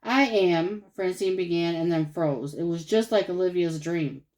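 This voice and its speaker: A woman's voice: lowish voice, normal speed, low-quality recording. Woman reading a children's story. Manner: expressive, animated narration. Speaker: storybook reader. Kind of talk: children's story read-aloud.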